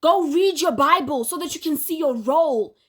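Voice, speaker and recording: A woman vlogging in a relaxed, opinionated way, speaking directly to her audience. Her voice sits a little on the high side. She laughs often between her points. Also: moderate pace. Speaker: vlogger and podcaster. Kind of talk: casual direct-to-camera monologue.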